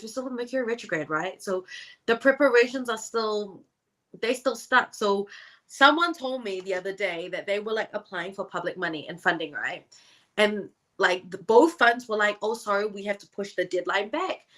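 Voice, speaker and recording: A woman's voice: a little high, fairly bright tone. A young woman reading tarot on a live stream, chatting casually and slangily with viewers and swearing now and then.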